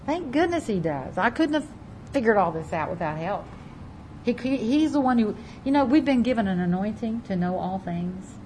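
A woman preaching a sermon, reading scripture aloud and stressing key words over and over, her loudness rising and falling. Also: a little high, lively intonation, moderate pace, a little hiss or hum, poor audio. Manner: emphatic, repeats key words, varies loudness widely; reads scripture aloud in King James wording. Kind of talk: Bible teaching sermon.

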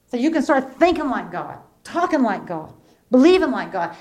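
Her voice is high and very animated at a normal speed as this middle-aged preacher gives a plain-spoken, folksy sermon. She alternates hushed tales with fervent preaching and keeps repeating her central lines.

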